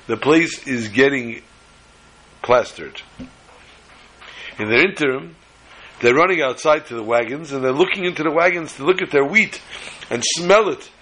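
A man telling a folk tale in an animated way, repeating words for rhythm. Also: fairly high pitch. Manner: animated, repetitive phrasing. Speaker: storyteller. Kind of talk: oral storytelling.

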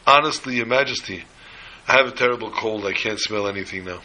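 A man's voice: fairly low pitch, brisk, bright, forceful tone, rough recording. A man voicing a sly male fox in a sermon parable, with a crafty, evasive manner.

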